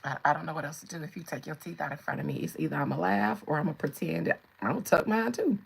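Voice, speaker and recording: A woman's voice: sits low, fast, vocal fry, slightly rough, low-quality recording. A woman doing a tarot reading. She jokes and laughs often and sometimes drops to a whisper. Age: 40s. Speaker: tarot reader. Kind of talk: casual spiritual reading and storytelling.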